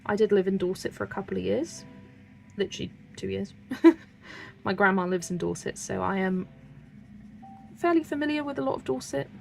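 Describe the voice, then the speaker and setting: Woman, West Country accent, livestream host; chatty and rambling, vocal fry, faint music underneath. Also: mid-range voice, normal speed. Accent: West Country English. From Wiltshire, England. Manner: chatty, rambling, soft asides while working. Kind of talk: casual livestream chat while colouring.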